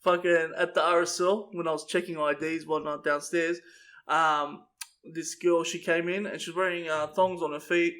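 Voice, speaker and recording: A man's voice: on the high side, little pitch movement, moderate pace, a bit bright. A young man, co-hosting a podcast, blunt and crude, laughing often. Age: young adult. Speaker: podcast co-host. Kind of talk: casual chat.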